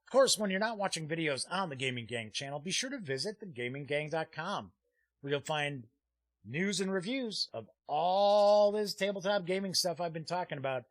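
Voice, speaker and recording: Reading out viewer comments on his live-streamed tabletop gaming show, this man chats loosely and meanders, peppering his speech with "uh." His slightly high voice is expressive and moves at a moderate pace. The streaming desk mic picks up no room sound.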